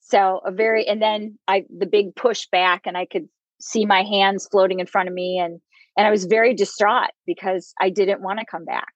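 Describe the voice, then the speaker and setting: A woman in her fifties speaking at a middle pitch, recounting personal experiences frankly and laughing often. The recording is dry and dull, with little room sound and muffled highs. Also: fairly even intonation, moderate pace, dry recording. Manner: candid, laughs often while telling stories. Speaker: guest psychic medium. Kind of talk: interview storytelling.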